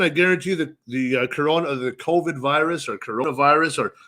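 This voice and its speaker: A Canadian man co-hosting a podcast, rambling and swearing loudly through casual banter. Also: a little high, fairly quick. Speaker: podcast co-host. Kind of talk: casual profane chat.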